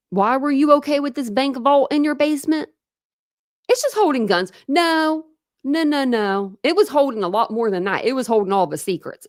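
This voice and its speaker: Chatting on her casual true crime live stream, an American woman in young adulthood answers comments from viewers. She has a slightly mellow voice on the high side. The recording is studio quality, with no room sound.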